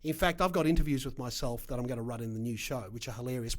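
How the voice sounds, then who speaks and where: A middle-aged Australian man with an Australian accent, a guest telling his story in an animated, emphatic way with punchy asides. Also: mid-range voice, very fast. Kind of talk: casual storytelling interview.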